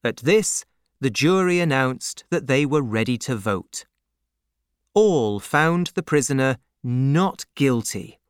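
A male audiobook narrator who tells the story slowly, with a lively, expressive rise and fall in pitch. The sound is close and dry, with no room around it. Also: clear, resonant tone, no echo.

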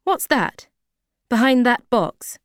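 A woman voicing an adult female shop customer who talks loudly and indignantly while reading a storybook aloud. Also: mid-range voice, animated, takes it slowly, no echo, studio quality, voice pushed up. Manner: loud, indignant.

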